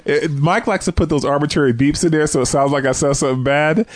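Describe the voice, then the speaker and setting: A man's voice: a little high, steady tone, fast, no echo. A man in his thirties co-hosting a casual food review chat, joking and trash-talking. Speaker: podcast co-host.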